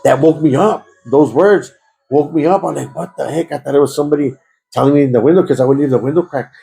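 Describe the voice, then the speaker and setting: A gravelly, fairly high-voiced man speaks fast with a dark tone, captured on poor audio. Giving conversational personal testimony as an interviewee, he gets emotional, repeats himself, and switches into Spanish.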